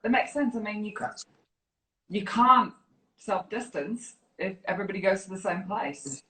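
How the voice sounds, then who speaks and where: A woman's voice: mid-range voice, moderate pace, a bit bright. A woman who is a fitness program director, chatting casually and animatedly on a live video call, laughing often. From New Zealand. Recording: roomy echo.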